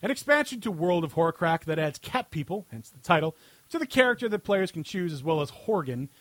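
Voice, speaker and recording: Reading a satirical article for his podcast, a man with a slightly high, slightly bright voice speaks a little fast and very animatedly. He's sarcastic throughout and laughs often, with no room sound in the recording.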